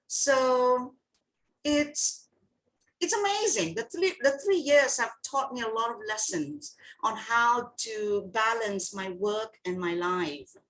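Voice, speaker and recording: Slow-paced woman teaching online. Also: on the high side, bright, forceful tone. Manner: slow, repeats words, checks in with "okay?" and "right?". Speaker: English teacher. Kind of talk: online class lesson. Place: video call.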